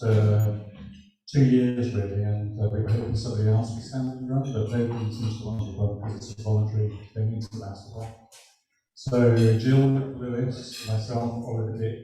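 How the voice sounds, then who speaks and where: Low, dark-voiced English man in a roomy hall. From England. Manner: halting, with many ums and uhs. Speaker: city council candidate. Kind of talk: informal speech at a club meeting. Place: meeting room. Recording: roomy hall, voice from far off the mic.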